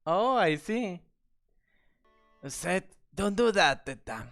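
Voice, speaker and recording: A woman's voice: lowish voice, very animated, takes it slowly, vocal fry, faint music behind. A woman streamer chatting playfully and giggling on a live stream. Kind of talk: casual live-stream chat.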